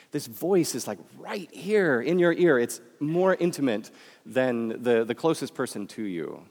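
A man with a Midwestern American accent gives a talk to an audience, joking and chatting with them directly. His pitch swings widely and stays animated. His voice rings with the long reverb of a large hall. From Michigan, USA. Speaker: speaker giving a talk.

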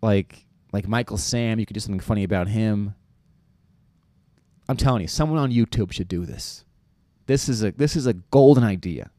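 A man's voice: fairly low pitch, moderate pace, dark tone, no echo. A young man from New York, rambling through a casual comedic monologue with lots of fillers and restarts. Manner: rambling, self-deprecating, many fillers and restarts.

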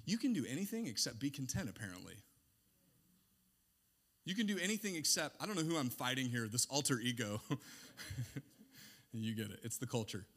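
Animated, sarcastic male preacher. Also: medium pitch, moderate pace, long pauses. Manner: animated, sarcastic, swings between hushed asides and shouting. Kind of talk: sermon.

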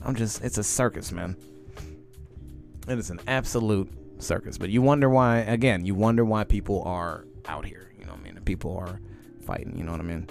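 A young adult man hosting a comedy podcast, ranting excitedly and often shouting. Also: mid-range voice. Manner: excitable, ranting, peppered with "you know what I'm saying". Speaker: podcast host. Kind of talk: comic ranting podcast chat.

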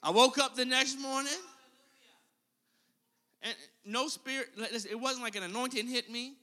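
A man's voice: very high voice, steady tone, moderate pace, sharp tone, long reverb tail. A male preacher giving an impassioned sermon and calling out to his congregation. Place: church.

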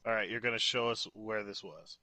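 A man's voice: fairly low pitch, a little fast, no room sound. A man playing a tabletop game, joking around and laughing in casual chat. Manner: jokey, animated, laughing. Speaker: player.

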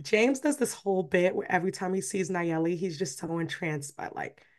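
A woman's voice: on the low side, moderate pace. A woman in her twenties, a podcast co-host, animatedly retelling a book's plot in casual chat. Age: 20s. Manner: animated, rambling retelling with lots of fillers.

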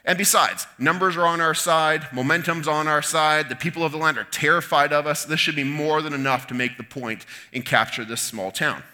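A man preaching a sermon, retelling a Bible story in an animated way with asides to his listeners. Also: fairly high pitch, a little fast, hardly any pauses.

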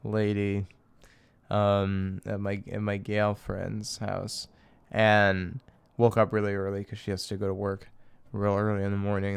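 A man's voice: on the low side, gravelly, clean tone. A young man rambling through a crude comedic rant on his own, chuckling and swearing as he goes. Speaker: podcaster. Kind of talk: casual solo comedic rant.

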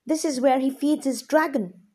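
A woman voicing a small, frightened male gnome with a high, squeaky voice in a storybook reading. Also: normal speed, darkish tone, close to an everyday voice. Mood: pleading. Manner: trembling, crying out.

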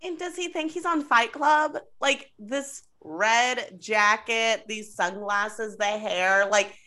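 A woman's voice: a little high, takes it slowly. A woman chatting casually as a podcast co-host, recapping reality TV, laughing often and acting out what people said. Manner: animated, laughs often, acts out quotes.

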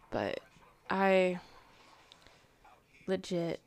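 Late at night, a teen girl hosts her podcast in a mid-range voice with fairly even intonation, pacing a little slowly. Her confessional monologue is hesitant and soft-spoken, frequently fading into a whisper, and she's tired enough to yawn.

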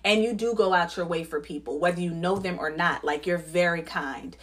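A woman co-hosting a casual talk show, animated and quick to laugh, often acting out what people say. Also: lowish voice. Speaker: podcast co-host. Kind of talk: casual chat.

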